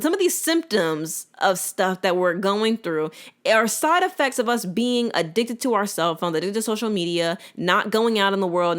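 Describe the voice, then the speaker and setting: A young woman hosting her own podcast, ranting in a loose, colloquial way. She is opinionated and animated, and she talks straight to her listeners as if chatting with friends. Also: mid-range voice. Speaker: podcast host. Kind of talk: casual solo podcast rant.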